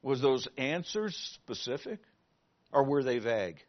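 A male pastor preaching a sermon, asking the congregation questions and moving between loud emphasis and quiet asides. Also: medium pitch, big pitch swings, a little slow, highs cut off.

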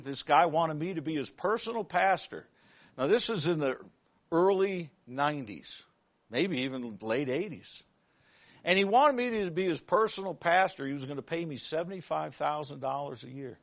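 High-voiced preacher in a muffled recording. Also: male voice. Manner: asks the congregation questions, swings from loud emphasis to quiet asides. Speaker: pastor. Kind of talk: sermon.

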